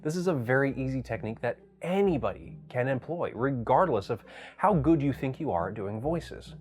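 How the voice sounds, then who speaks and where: A man's voice: mid-range voice, lively intonation, moderate pace, darkish tone. A man teaching voice acting in a casual video tutorial, demonstrating each technique as he explains it.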